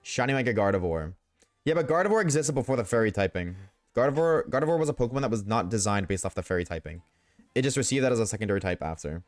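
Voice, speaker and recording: A fast-talking young man with a lowish, lively voice streams a game and chats casually, cursing, joking and firing back at chat. No room sound is present.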